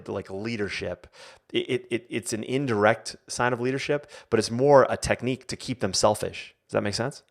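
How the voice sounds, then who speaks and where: A man hosting a live online Q&A as a coach, talking casually with many fillers and restarts. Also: lowish voice. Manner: rambling, many fillers and restarts, animated quotes. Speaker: coach and host.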